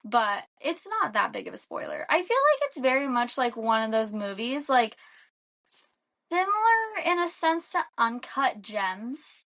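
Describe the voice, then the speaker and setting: A woman's voice: on the high side, very animated, unhurried, creaky, fairly bright tone. A young woman co-hosting a podcast, retelling a film in a loose, rambling way full of "like". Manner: rambling, fillers of "like" throughout. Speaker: podcast co-host. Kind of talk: casual chat.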